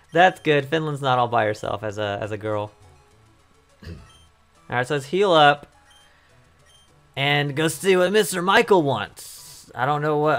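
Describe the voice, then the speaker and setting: A man hosting a let's play, rambling and thinking aloud over his gameplay while his voice is going hoarse. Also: on the high side, a bit bright. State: losing his voice. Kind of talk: casual gameplay commentary.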